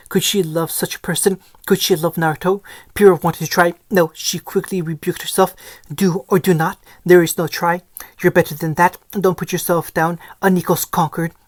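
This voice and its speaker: A woman's voice: on the low side, a little mellow, no room sound. A woman reading a fan fiction story aloud, often stumbling over words and correcting herself. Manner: frequent stumbles and self-corrections while reading. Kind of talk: storybook narration read aloud.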